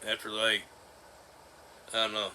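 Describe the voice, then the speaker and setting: A man in his forties talking in a personal vlog, halting and emotional, breaking into nervous laughs. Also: on the low side, completely flat delivery, pushed and bright, slight background noise. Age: 40s. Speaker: vlogger. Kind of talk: personal vlog recounting an ordeal.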